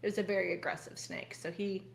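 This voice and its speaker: A woman co-hosting a casual podcast, telling an animated story with frequent laughs. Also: on the low side, fast, creaky. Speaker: podcast co-host. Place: farm household.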